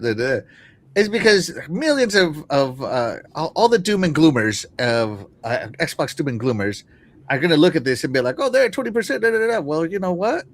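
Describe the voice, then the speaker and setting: A man's voice: mid-range voice, no echo. A man hosting a casual live-stream show, talking to his chat with lots of fillers and restarts. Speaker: podcast host.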